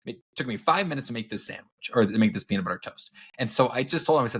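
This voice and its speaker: Bright-voiced podcast co-host, lively storyteller. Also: male voice, mid-range voice, fast, husky. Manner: animated storyteller, laughs often. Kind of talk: casual chat.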